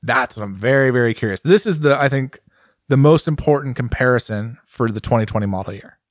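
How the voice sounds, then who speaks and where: Guy co-hosting a podcast, chatty and animated, acts out what riders think, dry close sound. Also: medium pitch, no room sound. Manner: animated, acts out riders' thoughts in quick bursts. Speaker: podcast co-host. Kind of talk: casual motorcycle chat.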